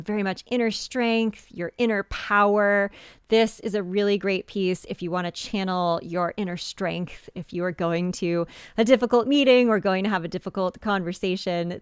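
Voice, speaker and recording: A woman's voice: on the low side, smooth, no echo, clean studio sound. A woman hosting a live stream, chatting casually about her handmade jewelry with many fillers and restarts. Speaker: jewelry designer hosting a live sales show.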